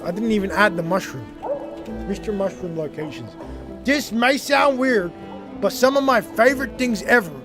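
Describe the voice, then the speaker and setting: A young man streaming a game, chatting casually and rambling, often getting worked up and loud. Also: sits high. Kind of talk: casual livestream gaming chat. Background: game music.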